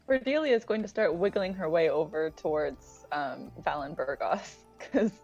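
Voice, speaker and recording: A woman's voice: sits low, expressive, moderate pace, a little mellow, soft background music. A woman playing a tabletop game, eager and bubbly. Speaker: player. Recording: dull lo-fi audio.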